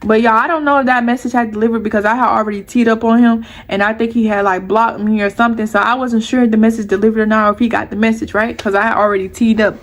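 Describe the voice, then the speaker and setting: A young woman vlogger telling a personal story to her viewers in an animated, heated, profane way. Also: on the high side, fast talker, hardly any pauses.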